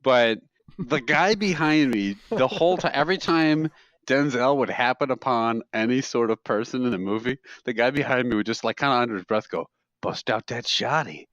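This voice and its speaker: A man's voice: mid-range voice, a little fast, a bit bright, no echo. A man co-hosting a podcast, rambling through casual funny stories and often laughing at them. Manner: rambling storyteller who laughs at his own stories. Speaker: podcast co-host. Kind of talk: casual chat. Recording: dry, slightly dull podcast mic.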